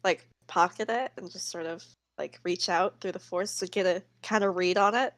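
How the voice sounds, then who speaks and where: A woman's voice: fairly low pitch, normal speed, fairly bright tone, no room sound. A woman playing a tabletop game, eagerly describing her character's actions with lots of hesitant fillers. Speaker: player.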